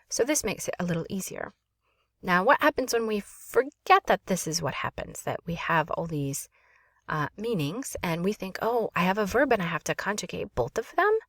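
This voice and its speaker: Low-voiced woman teaching French grammar. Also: fairly bright tone, slightly rough, no room sound, studio quality. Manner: fast, chatty explaining with frequent fillers. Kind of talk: recorded language lesson. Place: small closet at home.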